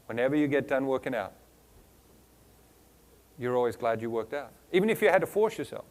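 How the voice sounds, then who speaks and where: A man's voice: medium pitch, lively intonation, fairly quick, darkish tone. Man with an accent, punchy stage speech. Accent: foreign accent for the audience. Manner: punchy rhetorical questions, lists of words, playful teasing. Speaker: motivational speaker. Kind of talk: motivational keynote speech. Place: stage before a live audience.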